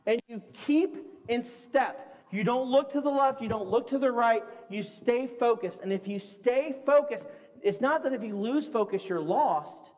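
A man preaching a conversational sermon to a congregation, lively and acting out the voices he quotes. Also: extremely high pitch, a little slow. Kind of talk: sermon with audience games. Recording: long hall reverb.

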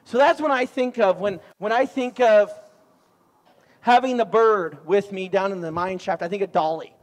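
A middle-aged man preaching a sermon, telling stories in an animated way with sudden loud outbursts. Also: high-pitched, moderate pace. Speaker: pastor. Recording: long hall reverb.

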